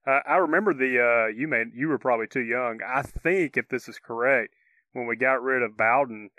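A man's voice: mid-range voice, moderate pace, bright, forceful tone, dry recording. A man co-hosting a casual sports talk show, opinionated and easygoing, chuckling often. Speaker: co-host.

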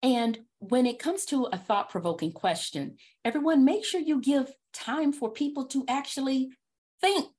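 A woman's voice: high voice, animated, moderate pace, darkish tone, slightly rough. A woman hosting a podcast interview about public speaking, upbeat and emphatic, laughing often. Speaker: podcast host. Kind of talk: conversational interview.

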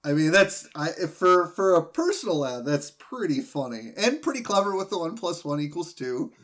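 A man's voice: a little high, very animated, normal speed, fairly bright tone. A man co-hosting a podcast, chatting casually and rambling with restarts. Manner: rambling, many restarts and fillers. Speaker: podcast co-host. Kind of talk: casual chat.

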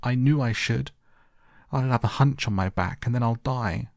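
A man's voice: medium pitch, normal speed, creaky, dry recording, clean studio sound, pitched above the performer's own voice, lightly acted. A man reading aloud, voicing a sickly, hysterical young boy who gasps and sobs. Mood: panicked. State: sobbing, gasping.

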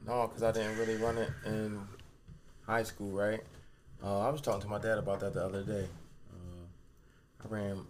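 A low, flat-voiced man, telling a story as a podcast guest. He rambles in a relaxed, humble way, with faint noise behind him. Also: normal speed, pauses often. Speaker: podcast guest, fitness trainer. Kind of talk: casual storytelling.

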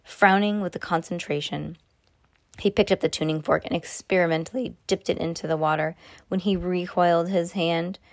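A woman reads a novel aloud in a low voice, now and then tripping over a phrase and starting it again. The sound is dry and close to the mic, with no room around it. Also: fairly even intonation, moderate pace, dry recording. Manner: unpolished reading with frequent slips and restarts. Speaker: reader.

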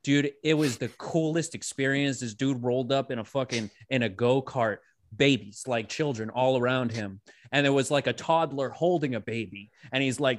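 A man from Massachusetts in casual podcast chat, swearing freely and telling animated stories. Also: mid-range voice, normal speed, few pauses. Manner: swears freely, laughs often, animated storytelling.

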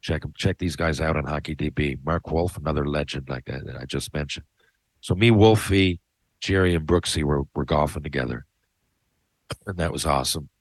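Deep-voiced rambling, profane male podcaster. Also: normal speed, breathy edge, dry recording. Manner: rambling, profane, self-interrupting. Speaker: podcast host. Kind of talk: casual storytelling. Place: his living room.

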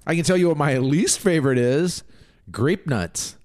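A man's voice: fairly high pitch, expressive, normal speed, a little mellow. Chatty man co-hosting a podcast. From Minnesota, United States. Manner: chatty, rambling, swears casually, laughs often. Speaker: podcast co-host. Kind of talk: casual chat.

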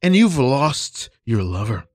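A man playing a pompous, solemn male acting teacher who speaks in slow, grandiose pronouncements. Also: mid-range voice, very animated, a little mellow, breathy edge, dry recording, studio quality, heavily acted. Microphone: studio microphone.

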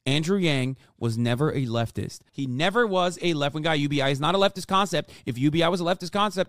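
A man in his thirties streaming, reacting to a video with an angry, profane rant that bursts into shouts. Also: fairly high pitch, fast, hardly any pauses, no echo, studio quality. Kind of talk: ranting reaction commentary.

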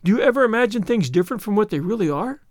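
A man's voice: high-pitched, lively intonation, rapid-fire, dry recording, studio quality, voice pushed up. A man voicing an eager, imaginative orphan girl of about eleven in an audiobook, gushing and pleading. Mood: wide-eyed. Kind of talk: audiobook character voice.

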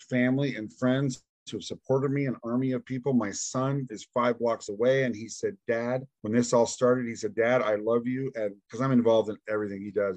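A man's voice: medium pitch, no echo, low-quality recording. A man, a podcast guest, telling his own story candidly and acting out what people said to him, drained and tired after telling it. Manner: candid, animated, acts out quoted dialogue. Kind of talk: emotional personal storytelling.

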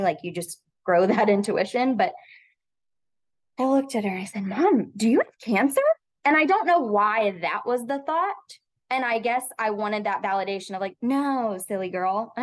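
A woman in her thirties speaks as a podcast guest and shares a personal story. She talks in an earnest, heartfelt way, often pausing with ums between thoughts. Her voice sits at an ordinary middle pitch. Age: 30s. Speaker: teacher.

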